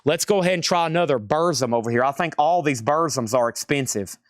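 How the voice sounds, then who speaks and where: A man selling vinyl records on a live stream in an excitable, jokey auction patter. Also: fairly high pitch, fast, no echo, studio quality.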